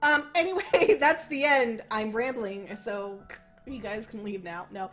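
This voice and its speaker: Soft music plays behind a fairly high-pitched woman's voice that moves a little slowly. The young let's play host reads a visual novel's narration aloud, then breaks away into excitable, meandering remarks laced with curses.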